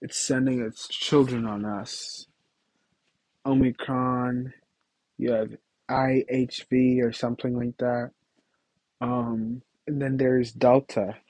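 A man's voice: mid-range voice, little pitch movement, slow pace, a little mellow, dry recording, poor audio. A young man hosting a podcast, chatting casually and giggling through rambling stories with lots of fillers. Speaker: podcast host. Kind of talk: casual solo podcast chat.

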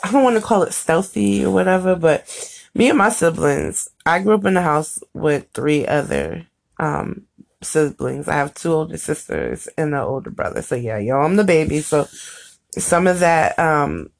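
A woman in her thirties chatting casually with her partner, telling stories in an animated, playful way. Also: deep voice, normal speed, vocal fry. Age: 30s. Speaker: podcast co-host. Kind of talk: casual chat.

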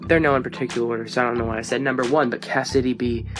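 A man's voice: medium pitch, fairly even intonation, over music. A young man hosting a fan podcast in a casual, playful, joking way. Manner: playful, joking, quick asides.

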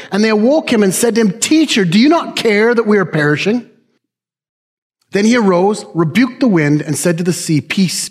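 A man preaching a sermon, swinging between hushed lines and loud, emphatic shouts. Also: high-pitched, slightly rough, long reverb tail.

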